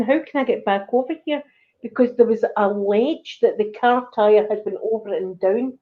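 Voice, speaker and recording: A Scottish woman of middle age tells a story in an easy, chatty way. She acts out what others said as she goes. The recording is a little dull and lo-fi. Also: on the high side. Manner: animated storyteller, acts out quoted voices. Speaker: channel host. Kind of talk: casual storytelling chat.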